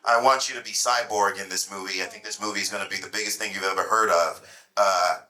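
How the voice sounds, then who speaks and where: A man voicing an eager male American film director who pitches a role over the phone. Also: fairly even intonation, fast, pushed and bright, low-quality recording. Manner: pushy, upbeat sales pitch.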